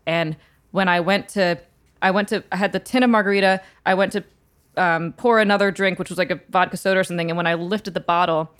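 A woman's voice: fairly low pitch, steady tone, fast, a bit bright. Candid, swearing woman telling stories. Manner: candid, profane, laughs often. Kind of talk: casual chat, storytelling.

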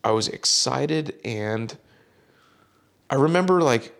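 A man who works as a caddie, telling a story in a podcast chat and acting out the quotes with animated delivery. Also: medium pitch, slow, gravelly.

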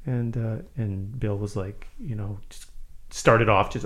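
A man hosting a podcast, retelling an anecdote in a casual, animated way with lots of fillers. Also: lowish voice, normal speed. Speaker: podcast host. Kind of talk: casual storytelling.

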